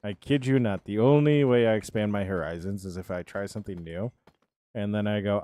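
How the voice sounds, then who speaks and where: A man's voice: fairly low pitch, fairly quick, dark tone, dry recording. A man chatting casually on a live game stream, rambling and answering his viewers' chat as he plays.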